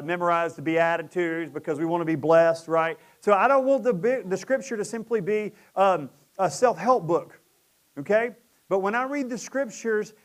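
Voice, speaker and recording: A middle-aged male pastor giving a sermon in a conversational style, often lifting into emphatic peaks. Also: high voice.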